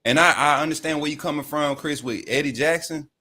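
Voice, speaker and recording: A man's voice: a little high, brisk, sharp tone. A man, a coach, co-hosting a sports talk show, rambling loosely with many fillers. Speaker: podcast co-host, coach.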